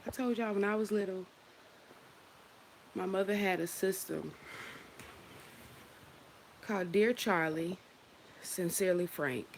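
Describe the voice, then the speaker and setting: A woman hosts a casual spiritual livestream, speaking in a loose, heartfelt, profane way and often stopping to start again. Her voice is medium-pitched with fairly even intonation, her pace measured with long pauses, and there's slight background noise.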